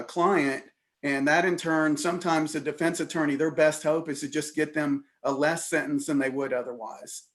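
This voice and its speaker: A man, serving as judge and giving plainspoken, encouraging feedback with dry humor over a video call. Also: on the high side. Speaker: judge presiding over a mock trial. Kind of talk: casual feedback to students.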